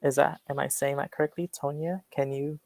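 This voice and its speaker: A man's voice: a little high, little pitch movement, fairly quick, vocal fry, darkish tone, dry recording. A young man explaining accents to a class over a video call, with hesitant, filler-heavy speech. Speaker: guest English speaker.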